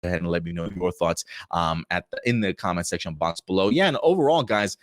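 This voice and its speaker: A man's voice: low voice, animated, quick pace, no echo. A man hosting a show where he reviews TV episodes, talking casually with enthusiasm and rambling through many restarts.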